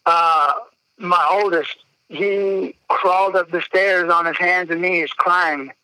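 Male guest, higher-pitched and bright, dry close mic, casual storyteller who swears freely. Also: takes it slowly, clean tone, no room sound, poor audio. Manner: blunt, swears freely, animated retelling. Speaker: podcast guest.

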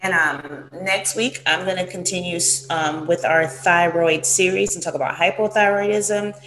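A woman's voice: lowish voice, moderate pace. Chatty woman co-host, roomy sound. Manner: chatty, relaxed, many fillers. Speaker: podcast co-host. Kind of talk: casual podcast chat.

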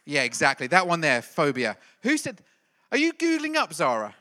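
A man's voice: a little high, huge pitch swings, moderate pace, sharp tone. A middle-aged male pastor giving a playful, jokey church talk and quizzing the congregation. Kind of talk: lively church talk with a quiz.

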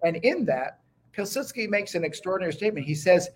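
A man's voice: sits high, very animated, fast talker, a little hiss or hum. A man speaking as a guest historian in an interview, eager and talking in bursts with many restarts. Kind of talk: conversational interview.

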